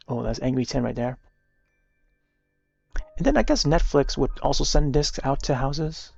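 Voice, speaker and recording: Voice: mid-range voice, vocal fry, darkish tone, breathy edge, muffled recording. A streamer chatting casually while playing, rambling and searching for words. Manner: rambling, full of fillers like "like". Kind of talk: casual gameplay commentary.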